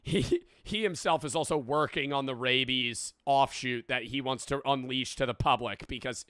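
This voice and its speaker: Bright young guy in his 20s rambling on stream, swears a lot, dry close sound. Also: medium pitch, moderate pace, no room sound. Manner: rambling, swearing, laughing asides. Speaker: streamer reacting to a video. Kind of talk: casual reaction commentary.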